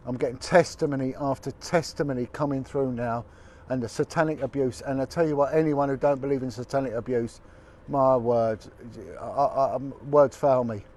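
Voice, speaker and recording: A man's voice: medium pitch, darkish tone. A man, a former detective giving a blunt, indignant, colloquial video update. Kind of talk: impassioned direct-to-camera update.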